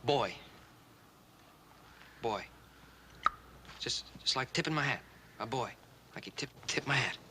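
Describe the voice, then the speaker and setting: An actor playing a patient young man teaching a deaf girl to sign, speaking slowly, gently and often in a hush, in a 1960s television western. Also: medium pitch, natural voice. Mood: patient coaxing. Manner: slow, coaxing, gentle, often hushed. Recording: hissy old TV soundtrack.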